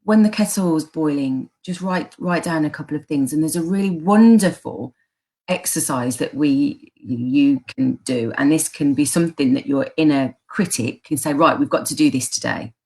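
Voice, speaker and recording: A coach with a Birmingham accent gives upbeat, encouraging advice during a casual live online chat, frequently starting her phrases over. She speaks at normal speed in a low-pitched, warm voice.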